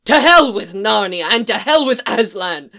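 A woman voicing a tender-hearted young male faun in a storybook reading, speaking in halting, broken-off phrases. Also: mid-range voice, lively intonation. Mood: anguished.

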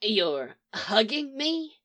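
A woman reading aloud, voicing a hoarse grown man with a dry sardonic drawl. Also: medium pitch, a little slow, natural voice.

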